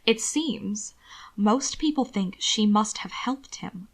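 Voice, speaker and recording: A woman voicing a chatty noblewoman and mother who coaxes and gossips eagerly in a lively way. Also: mid-range voice, moderate pace, natural voice. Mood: coaxing, gossipy.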